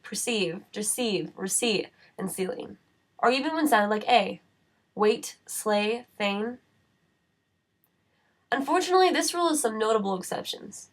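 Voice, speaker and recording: A woman giving scripted instructional narration for a spelling lesson, reading rules and slowing down for word lists. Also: medium pitch, fairly bright tone. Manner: measured, reads word lists slowly. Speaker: writing center instructor.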